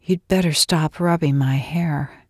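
A woman's voice: deep voice, measured pace, a little mellow, slightly rough, no room sound, studio quality. A woman voicing a wry, sleepy female pilot in a storybook, murmuring in a drowsy way.

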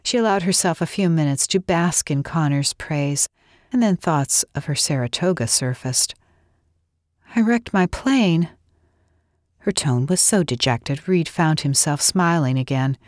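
A woman narrating a romance audiobook in a steady, intimate reading. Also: sits low, moderate pace, no echo, clean studio sound. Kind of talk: scripted narration.

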